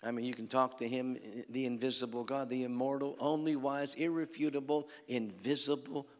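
An older man preaching at a crusade, telling folksy stories in a sermon that swings from soft talk to loud exhortation. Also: mid-range voice, steady tone, normal speed. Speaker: evangelist preacher. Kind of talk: sermon with storytelling. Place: large church or arena at a crusade. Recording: long hall reverb.

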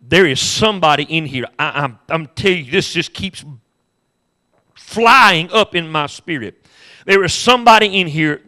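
A man's voice: high-pitched, bright, forceful tone. A male pastor preaching a sermon with impassioned repetition and humorous storytelling.

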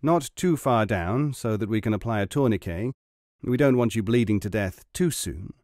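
A man voicing a male resistance leader who speaks slowly and deliberately, with calm menace. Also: on the low side, no room sound, studio quality. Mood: menacing.

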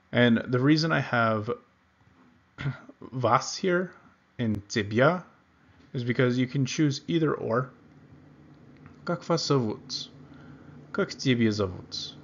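A man teaching beginners in an unhurried, patient way, repeating each phrase several times so learners can follow. His voice sits in a middle register. The recording sounds a little dull and lo-fi. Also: medium pitch, animated. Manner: slow, repeats words carefully for learners. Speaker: language teacher. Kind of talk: beginner language lesson.

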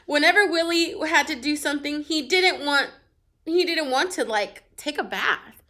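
A woman's voice: sits high, a little slow, pauses often, pushed and bright. A young adult woman teacher reading a storybook aloud to her class, playful and full of asides.

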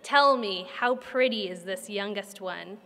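A woman's voice: medium pitch, measured pace. A woman reading as a sardonic, weary old woman. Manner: sharp, sardonic complaining. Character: weary, blunt old woman, recently risen from the grave. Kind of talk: literary reading. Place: conference room. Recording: long hall reverb.

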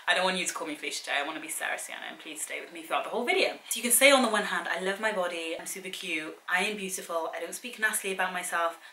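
A young woman with a lowish, bright, forceful voice speaks rapid-fire, hardly pausing. She's a fitness and wellbeing vlogger giving an earnest, casual motivational talk full of direct challenges, in an echoey room with faint hiss.

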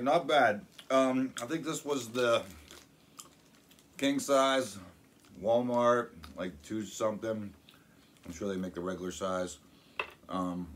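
A man's voice: medium pitch, takes it slowly, long pauses, slight background noise. A man hosting a casual snack review, talking in a jokey, upbeat way. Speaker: channel host.

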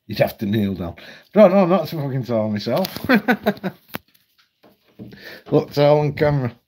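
A man's voice: a little high, big pitch swings, slow, darkish tone, slight background noise. A man ranting at home on his channel, blunt, heated and full of swearing. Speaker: vlogger. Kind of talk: ranting commentary.

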